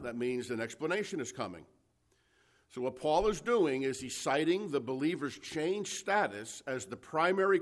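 A man's voice: mid-range voice, a bit bright. A man preaching an expository sermon to a congregation, emphatic and full of rhetorical questions. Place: church service before a congregation.

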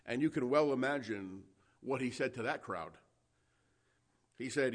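A male preacher deep in a passionate sermon, climbing from plain talk into loud, urgent exhortation. He speaks at a mid-range man's pitch and stumbles over restarts as he presses his point. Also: a little slow, pauses often. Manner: impassioned, builds to loud exhortation, addresses listeners as friends; frequent restarts and fillers.

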